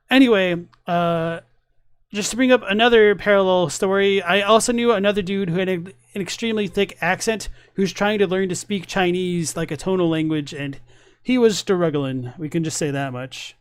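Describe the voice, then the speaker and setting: Chatty high-voiced man reacting to videos. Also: normal speed, clean tone, dry recording. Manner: rambling, chatty, many fillers and asides. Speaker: streamer reacting to lore videos. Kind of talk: casual reaction commentary.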